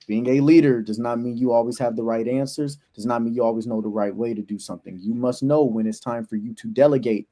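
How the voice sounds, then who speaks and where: A man co-hosting a casual podcast, giving advice to men in a halting way, often restarting his sentences. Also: mid-range voice, dark tone. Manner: halting, restarts, speaks to the fellas. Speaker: podcast co-host.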